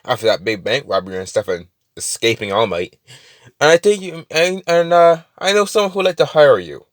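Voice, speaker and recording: A man voicing a smooth-talking male criminal go-between who pitches a job with nervous hesitations. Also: animated, brisk, no room sound, clean studio sound, natural voice. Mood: persuading.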